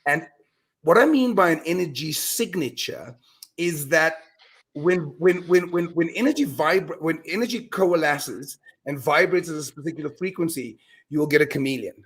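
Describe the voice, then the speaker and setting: A man talking as a guest in a casual interview, telling animated stories and acting out his own self-talk, often restarting words. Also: fairly high pitch, normal speed. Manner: animated storyteller, repeats words when restarting. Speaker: podcast guest, mindset coach.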